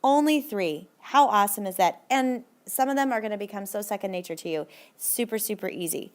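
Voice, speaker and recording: Peppy woman teacher recording a video lesson, hypes her students up, drags out the spanish examples. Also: medium pitch. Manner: upbeat and encouraging, drawn-out Spanish examples.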